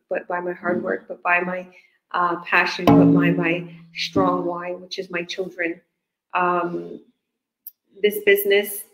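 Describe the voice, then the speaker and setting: A woman's voice: fairly low pitch, fairly bright tone. A woman business coach giving an effusive, repetitive testimonial, with religious exclamations and frequent laughter, on an online business chat. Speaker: business coach and company head. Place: room in Barcelona. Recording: echoey room.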